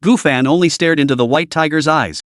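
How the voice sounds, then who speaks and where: A man narrating a comic recap in a steady, dramatic storytelling manner. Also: on the high side, brisk, no room sound, clean studio sound.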